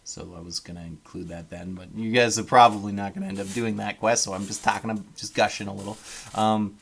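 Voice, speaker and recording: A man's voice: on the low side, fairly even intonation, brisk, gravelly, breathy edge. A man from Canada running a tabletop game as game master, rambling with lots of ums. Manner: rambling, many ums, laughs at own jokes.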